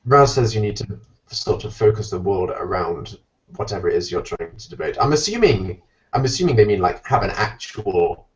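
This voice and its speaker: A man's voice: lowish voice, animated. A non-American man hosting a casual podcast chat, rambling and joking as he talks over a voice call. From outside the United States. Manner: rambling, chatty, quick to joke. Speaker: podcast host. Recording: distant, dull lo-fi online call.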